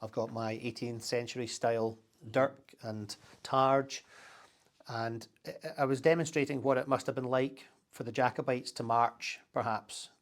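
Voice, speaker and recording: A Scottish man chatting in a relaxed interview. He tells animated stories and laughs as he goes. His speech is packed with historical detail. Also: medium pitch, a little slow. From Scotland. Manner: animated storyteller, laughs while talking, full of historical detail. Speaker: interviewee, content creator. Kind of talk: casual chat.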